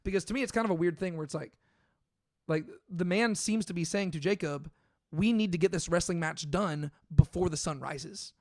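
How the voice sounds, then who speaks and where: A man co-hosts a laid-back scripture discussion, working through his ideas out loud with frequent fillers and self-corrections. His voice sits a bit higher than most men's, and the sound is close and dry with no room around it. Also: normal speed, no echo. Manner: thinks aloud with many fillers and restarts. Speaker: podcast co-host. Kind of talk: casual Bible discussion.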